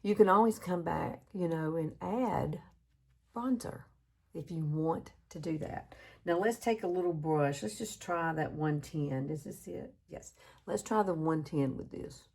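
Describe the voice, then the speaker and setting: A woman's voice: deep voice, unhurried, creaky, breathy edge. A Southern woman from Alabama in her fifties, chatting casually through a makeup tutorial and laughing at herself often. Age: 50s. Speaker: beauty vlogger.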